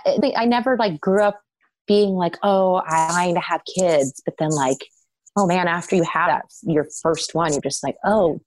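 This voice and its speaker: Woman guest telling stories, laughs a lot, lowish voice, super dry audio. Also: no echo. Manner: animated storyteller, laughs often, pitch jumps when quoting. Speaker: soap opera actress guest. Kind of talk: casual interview chat.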